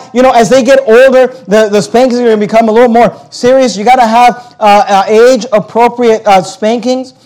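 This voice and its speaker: A man with a notably high voice delivers a sermon, talking to the congregation in a loose, conversational way. He stumbles over his words and repeats himself often as he pushes his points. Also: a little mellow. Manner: conversational preaching with frequent stammered restarts. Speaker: pastor.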